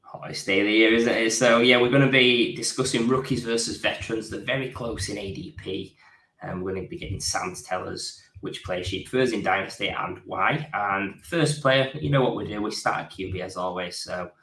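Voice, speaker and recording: A man's voice: on the low side, fairly quick, fairly bright tone, recorded from a distance. A man co-hosting a podcast, upbeat and casual as he introduces the guest and topics. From United Kingdom. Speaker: podcast co-host. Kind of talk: casual chat. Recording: roomy echo.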